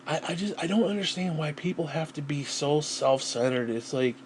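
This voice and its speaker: A man's voice: on the high side, slight background noise. Blunt swearing man ranting to camera. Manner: blunt, heavy swearing, sighs and clears throat between thoughts. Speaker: vlogger. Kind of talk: profane personal rant to camera.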